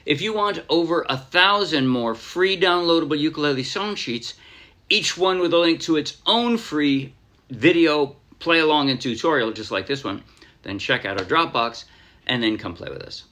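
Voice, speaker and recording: Bright-voiced American man teaching ukulele. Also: a little high, moderate pace. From United States. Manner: relaxed, rambling, counts beats aloud. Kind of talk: casual music tutorial. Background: ukulele strumming.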